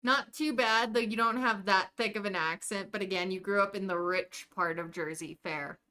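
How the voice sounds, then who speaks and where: A woman's voice: medium pitch, steady tone, moderate pace, bright, forceful tone, clean tone. A woman streaming a life-simulation game live, chatting casually and talking to the characters on screen. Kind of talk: casual live-stream chat while playing.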